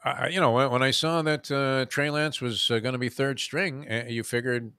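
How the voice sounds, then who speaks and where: A man's voice: medium pitch, steady tone, normal speed, pushed and bright, clean tone, no echo, studio quality. Older man telling rambling sports stories. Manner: rambling storyteller, many fillers and restarts. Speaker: show host. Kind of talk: casual sports talk. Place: home room.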